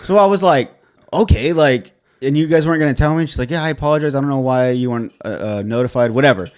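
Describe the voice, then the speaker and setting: A man's voice: mid-range voice, quick pace, darkish tone, clean tone. A man co-hosting a podcast, telling a frustrating story in casual chat, swearing a lot and quoting both sides of the conversation. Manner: profane, exasperated storytelling with quoted dialogue. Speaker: podcast co-host.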